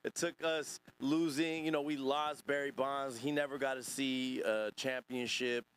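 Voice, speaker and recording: A man's voice: mid-range voice, steady tone, a little slow, fairly bright tone, smooth. A man hosting a casual livestream podcast, rambling and profane as he reads and answers chat. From Northern California. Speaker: podcast host.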